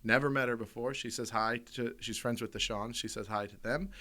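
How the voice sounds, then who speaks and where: A man's voice: medium pitch, fairly even intonation, a little fast, pushed and bright. A man with an American accent co-hosting a comedy podcast, telling profane stories and laughing through them. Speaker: podcast co-host. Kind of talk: casual storytelling.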